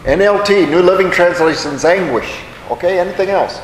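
A man's voice: sits high, normal speed, reverberant, in a large hall, crowd noise, poor audio. A man teaching a Bible study in a conversational way, often putting questions to his audience.

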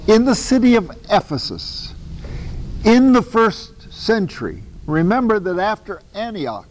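A man giving a lecture on the Bible to a class, talking in an animated, emphatic way with casual asides and self-corrections. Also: high-pitched, in a large hall, low-quality recording. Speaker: Bible teacher.

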